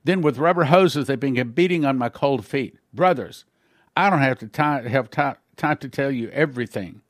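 A man's voice: mid-range voice, moderate pace, dry recording, studio quality. A man giving an earnest spoken testimony in a sermon, telling his story plainly with small slips and acting out the voices of others. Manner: acts out dialogue with shifting voices.

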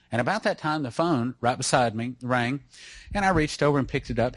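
A man's voice: mid-range voice, animated, fairly quick, no room sound. Earnest middle-aged man telling a story. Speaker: church speaker introducing a guest. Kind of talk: testimony-style talk to an audience.

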